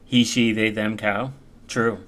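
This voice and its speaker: A man's voice: on the low side, level tone, slow pace, a bit bright. A man from the United States rambling casually while browsing, with many fillers and self-corrections.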